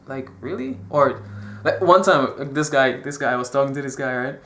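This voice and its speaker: Animated young man telling stories. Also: mid-range voice, fairly quick, roomy sound. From Dominica. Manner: animated, repeats words, acts out quotes. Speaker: vlogger. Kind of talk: casual storytelling vlog.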